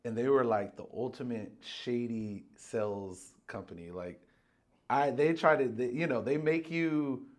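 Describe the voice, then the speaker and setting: A man tells stories in loose, casual chat. He often jumps up in pitch to act out the people he quotes, and swears freely along the way. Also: measured pace. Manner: animated, acts out quoted voices, swears freely. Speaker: podcast co-host.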